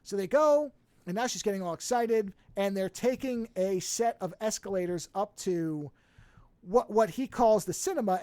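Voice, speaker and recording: A podcast co-host in casual chat, retelling a film at length with quick asides. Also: mid-range voice, darkish tone, dry recording.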